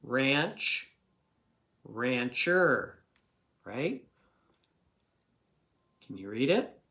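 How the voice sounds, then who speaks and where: A man's voice: mid-range voice, big pitch swings, extremely slow, pushed and bright. A man teaching a recorded early-grade phonics review, patiently talking to young children and checking in with frequent questions.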